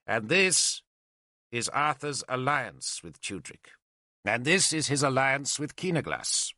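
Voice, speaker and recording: An imperious old druid, as a man reading the book puts him on, stern and scornful. He snaps and sneers in an audiobook reading, with a bright, lively voice recorded close and dry. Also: mid-range voice, takes it slowly, no echo, voice pushed up, full character voice. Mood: commanding. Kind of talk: audiobook character voice.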